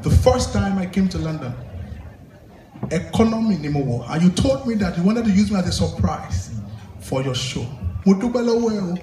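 A Nigerian man bantering loudly with a live comedy audience, laughing and calling out to people in the crowd. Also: high-pitched, moderate pace, a little hiss or hum. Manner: excitable, laughing, calls out to the audience. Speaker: guest performer on stage. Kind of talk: loud stage banter with the crowd. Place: live comedy venue indoors. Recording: echoey live hall from far off with crowd. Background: audience and music.

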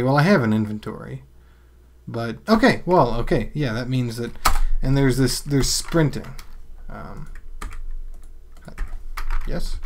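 A man's voice: mid-range voice, slight background noise. A man giving casual, rambling commentary while playing and reviewing a game, muttering to himself with mild exclamations. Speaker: gameplay reviewer. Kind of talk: casual let's-play commentary.

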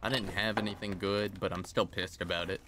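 A man's voice: low-pitched, fairly even intonation, fairly quick, heavy background noise. A young man commenting on his gameplay, ranting and cursing at the game in exasperation, with faint game music behind. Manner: exasperated, swearing rants at the game. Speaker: gaming video creator.

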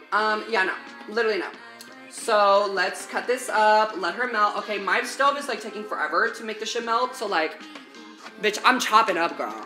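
In her home kitchen, with faint music behind her, a woman live-streams while cooking, her medium-pitched voice bright and forceful. She chats casually and sassily with viewers, swearing a lot and calling them baby and girl.

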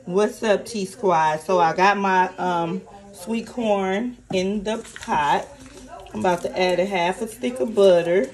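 A woman's voice: mid-range voice, slow pace. A woman filming a casual cooking vlog in her home kitchen on a handheld phone. She chats straight to viewers and swears freely. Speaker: cooking vlogger filling in for her mother.

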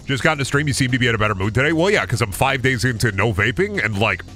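A man's voice: mid-range voice, expressive, fast talker, bright, forceful tone, soft background music. A young man streaming a video game, chatting casually and profanely, breaking into yelps and cheers.

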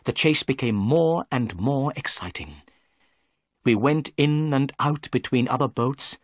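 A man reading a graded story aloud for English learners in clear, measured narration. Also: mid-range voice, fairly bright tone, dry recording, clean studio sound. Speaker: story reader.

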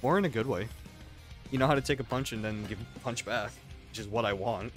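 A man with a medium-pitched voice talks a little fast while streaming a game, chatting casually with friends, teasing, swearing and laughing often. Game music sits under his voice, with gunfire in the background.

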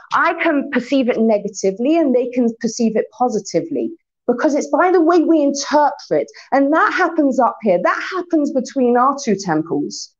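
A woman teaching a lesson on Torah values to an unseen audience, lively, spelling out letters and acting out little quoted exchanges. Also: sits high, highs cut off. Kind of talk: recorded talk to an unseen audience.

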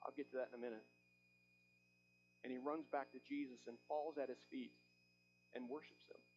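A man's voice: mid-range voice, steady tone, normal speed, a little mellow, muffled recording, faint music behind. A man preaching a sermon as pastor, impassioned, acting out Bible scenes in quoted voices.

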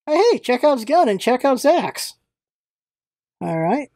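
A woman's voice: high voice, sing-song, slow pace, mellow, no echo, clean studio sound. A woman chatting and joking while reading through a game. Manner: chatty, jokey, laughs at herself. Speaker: let's-play host reading game dialogue. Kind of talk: casual gameplay commentary.

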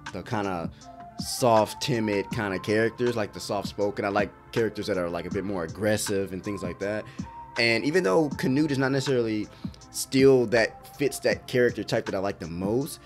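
Excitable, foul-mouthed man reacting to anime. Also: fairly low pitch. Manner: excitable, profane, laughs often, talks back to the screen. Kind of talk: casual reaction commentary.

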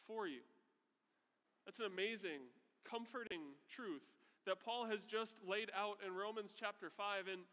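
A man's voice: high-pitched, sharp tone, long reverb tail. A man preaching a sermon as pastor, conversational, often checking in with a rhetorical "right?".

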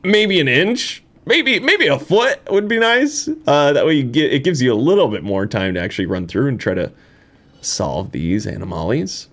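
A man in a casual let's-play commentary, rambling and self-mocking, bursting into high excited laughter. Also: moderate pace. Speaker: gaming YouTuber. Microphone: desk microphone.

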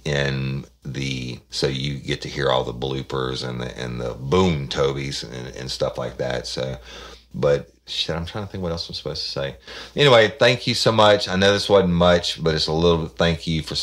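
A man's voice: very deep voice, normal speed, a bit bright. A man, hosting a podcast in rambling casual chat with many restarts. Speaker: podcast host.

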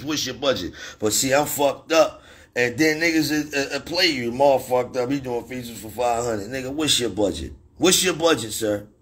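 A middle-aged man, a rapper, ranting angrily and profanely on a phone livestream and breaking into sudden high-pitched shouts. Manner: angry, profane, threatening tirade that jumps into sudden high shouts.

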